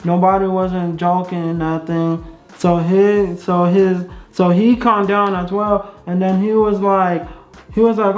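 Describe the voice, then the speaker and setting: Young woman, casual storytime, slow pace, dull sound with faint music. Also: fairly low pitch, little pitch movement, a little mellow, roomy sound. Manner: chatty, repetitive, many fillers. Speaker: vlogger.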